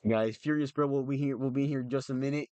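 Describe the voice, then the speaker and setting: Young guy streaming, rambly and emotional, keeps restarting, mid pitch, dry sound. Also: fairly even intonation, fast, a little mellow, dry recording. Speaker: livestreamer. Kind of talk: casual livestream chat.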